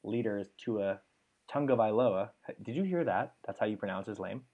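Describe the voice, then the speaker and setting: A man's voice: fairly low pitch, lively intonation, a little fast, a little mellow, breathy edge, highs cut off. A young man hosting a sports podcast, chatting casually and reeling off stats with lots of fillers. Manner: enthusiastic, rattles off stats with fillers. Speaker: podcast host.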